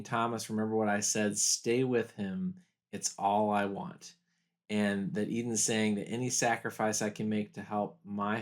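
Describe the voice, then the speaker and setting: A pastor talking through a TV episode in a video study guide, earnest and reflective, slowing down to weigh key moments. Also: male voice, on the low side. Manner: earnest, reflective, slows down for quoted lines.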